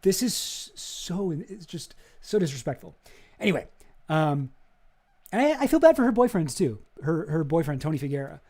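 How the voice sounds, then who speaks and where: A man's voice: a little high, normal speed. Worked-up man streaming commentary. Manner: animated, gets worked up, swears. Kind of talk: casual live-stream commentary.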